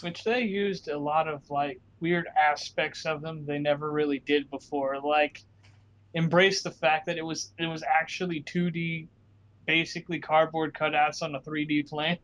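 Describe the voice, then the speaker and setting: A young man chats casually as a guest in a fairly high voice. He stumbles and repeats words as he gathers his thoughts. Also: fairly even intonation, moderate pace, a bit bright. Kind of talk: casual podcast chat.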